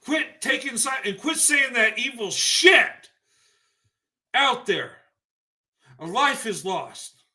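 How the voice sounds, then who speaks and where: A livestream commentator, male, rants through an opinion monologue in heated, emphatic, profane bursts. His voice is very high and sing-song, slow, with long pauses and a bright, forceful tone.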